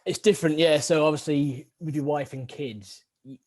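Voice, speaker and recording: A man's voice: on the high side, fairly even intonation, normal speed, a little mellow. A man, an army veteran chatting casually as host, joking and acting out little scenes. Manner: chatty, swears and jokes, acts out scenes. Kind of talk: casual chat.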